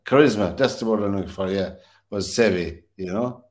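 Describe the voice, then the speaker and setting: Brief: male panelist, low voice, halting speech. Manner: hesitant, repeats words while searching. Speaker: studio panelist. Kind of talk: casual sports chat.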